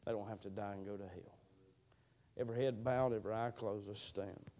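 A man preaching a sermon, telling a slow, drawling testimony that builds into fervent prayer. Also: fairly low pitch, steady tone, dark tone.

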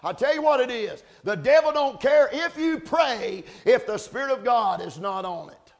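A man preaching a sermon, building from steady teaching to shouted emphasis, spelling out key words. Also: very high-pitched, moderate pace. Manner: rising to shouts, spelling out words, answering amen. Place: church service.

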